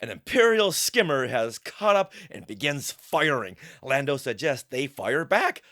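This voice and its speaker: A man co-hosting a casual podcast, recapping a comic and reading lines aloud with animated, laughing delivery. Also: medium pitch, unhurried.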